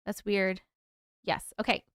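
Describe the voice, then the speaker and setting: A woman's voice: medium pitch, level tone, slow, fairly bright tone, clean tone, no echo, clean studio sound. A woman hosting a casual livestream, chatting with viewers, laughing often and stumbling over hard words. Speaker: livestream host reading viewer stories.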